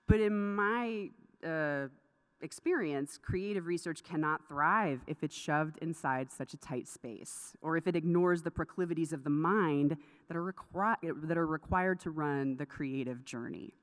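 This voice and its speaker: A woman's voice: deep voice, measured pace. A woman giving a craft lecture at a conference, chatty and prone to laughing asides. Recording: lecture hall with long reverb.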